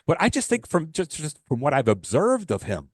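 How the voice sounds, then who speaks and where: Podcast co-host, male, animated pitch, dry close recording, thoughtful hedging talk. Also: normal speed, no echo. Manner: thoughtful, hedging with you know and like. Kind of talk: casual chat.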